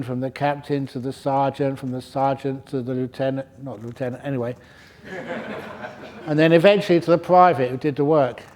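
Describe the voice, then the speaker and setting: A man, a Buddhist monk, giving a relaxed, joking Dharma talk to a retreat group. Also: medium pitch. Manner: relaxed, joking and digressive, with laughter. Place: retreat centre hall.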